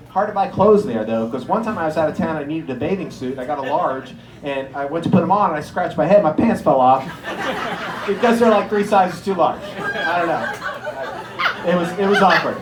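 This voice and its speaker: A man doing an animated stand-up comedy set, telling stories with incredulous acted-out bits. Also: on the high side. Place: comedy stage before a live audience. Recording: echoey room.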